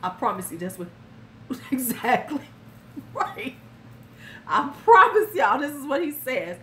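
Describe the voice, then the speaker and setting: Woman, fifties, live-stream host, blunt, animated, lively pitch. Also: unhurried, pauses often, slight background noise. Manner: frank, blunt and animated, addressing viewers by name. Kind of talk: casual live-stream storytelling.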